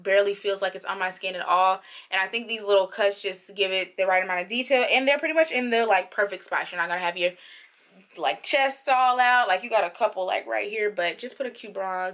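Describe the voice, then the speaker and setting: A young woman chatting casually through a clothing try-on haul, playful and slangy, with sudden high squeals of excitement. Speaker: fashion vlogger.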